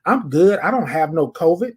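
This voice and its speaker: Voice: mid-range voice, animated, moderate pace, husky. A defiant maskless shoplifter, as a storyteller puts her on. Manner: brushing off, insistent.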